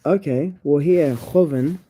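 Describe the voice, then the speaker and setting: Speaking a little slowly, a man with a fairly high voice and dark tone co-hosts a scripture study show. The casual talk centers on word stress and pronunciation. He reads explanations out loud with curiosity and reacts with surprised exclamations.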